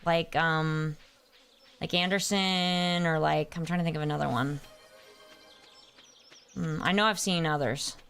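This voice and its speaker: A woman's voice: sits low, steady tone, a little slow, creaky, long pauses, a bit bright, clear, resonant tone, faint music behind. Chatty young woman streamer. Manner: chatty and easily distracted, answering chat by name; playful, hums nonsense sounds while playing. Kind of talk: casual live-stream chat while gaming.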